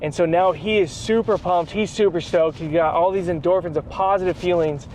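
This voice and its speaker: A man vlogging in a casual, animated storytelling way, full of slang like bro and dude. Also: sits high, brisk, slight background noise. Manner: excited, animated retelling. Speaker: vlogger, athlete.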